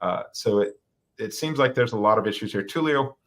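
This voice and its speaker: A man's voice: fairly low pitch, a little fast, a bit bright. A man co-hosting a business podcast, giving background in a conversational way and putting questions to his co-hosts. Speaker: podcast co-host. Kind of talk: casual podcast discussion.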